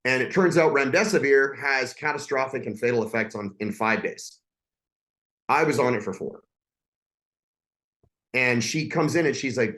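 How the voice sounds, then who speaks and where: A man's voice: mid-range voice, normal speed, pauses often, sharp tone. A man in his forties, a podcast guest, telling a personal story in a blunt, intense and profane way.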